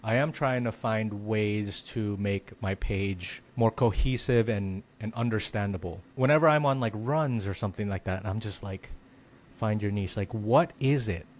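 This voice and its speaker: A man's voice: lowish voice, normal speed, few pauses. A man hosting a podcast, chatting casually and thinking aloud with frequent fillers. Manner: reflective, thinking aloud with many "like"s. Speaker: podcast host. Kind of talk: casual conversation.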